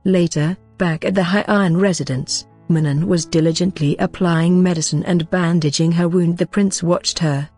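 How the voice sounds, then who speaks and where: A woman reading a story recap as scripted narration, in a flat reading style that says speaker tags aloud. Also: lowish voice, normal speed, hardly any pauses, husky, faint music behind.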